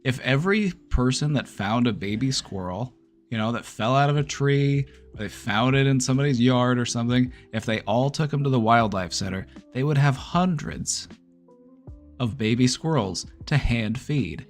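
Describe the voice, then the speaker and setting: A man's voice: medium pitch, moderate pace, soft background music. A man hosting a livestream, talking casually and bluntly to his chat, swearing freely. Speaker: livestream host.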